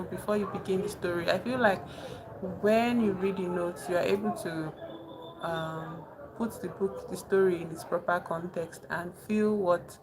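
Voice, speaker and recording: A young woman chatting casually with her live-stream chat, soft-spoken and calling herself very emotional. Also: on the low side. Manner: soft-spoken, thanks chat warmly, says she is very emotional. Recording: noticeable background noise.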